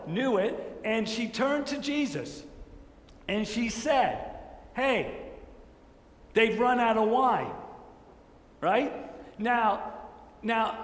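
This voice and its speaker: Animated male preacher in an echoey hall. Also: sits high. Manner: animated storytelling, rhetorical questions, acts out quotes. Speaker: pastor. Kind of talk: sermon. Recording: echoey hall with faint ambience.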